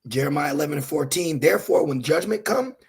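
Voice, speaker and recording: A man preaching in a rough, raspy voice with a gravelly edge, pitched a little high for a man. He scolds his listeners and drops in blunt, profane asides between the Bible verses he reads aloud. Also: expressive, fast. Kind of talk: online scripture teaching.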